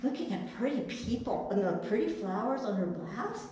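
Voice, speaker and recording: A woman puppeteer coaxes her puppet gently, with a lively, high-leaning voice. She is heard from a distance in a very echoey chapel, with faint noise behind. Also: normal speed. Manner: gentle, coaxing, talks to the puppet. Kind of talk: children's puppet show.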